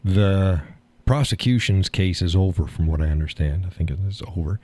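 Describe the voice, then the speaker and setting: With a deep, mellow voice at a moderate pace, a man runs a live stream full of casual chat. He laughs often and is folksy and blunt, with casual cursing, and there's no room sound.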